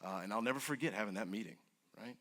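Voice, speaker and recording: A man earnestly telling an emotional personal story to an audience, his voice moving between hushed and urgent. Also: on the low side, fast. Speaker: guest speaker.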